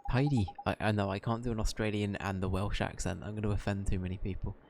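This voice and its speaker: A playful male streamer chatting casually while he plays, in a lowish voice. He jokes around between lines of dialogue. Game music plays clearly behind him. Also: flat delivery, fast talker. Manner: playful, reads dialogue aloud. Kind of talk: casual gameplay commentary.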